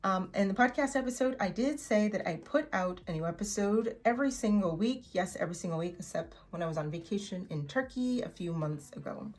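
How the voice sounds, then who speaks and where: A woman teaching an English vocabulary lesson in a chatty way, repeating words slowly for learners to echo. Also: medium pitch, expressive, darkish tone. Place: in Oklahoma.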